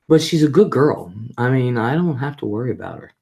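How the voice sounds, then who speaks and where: Her bass voice is gravelly, a little mellow and sing-song, moving at normal speed. The middle-aged woman hosts a relaxed live stream, reading comments aloud, chatting about her family with emphatic repetition, and doing voices as she retells family scenes.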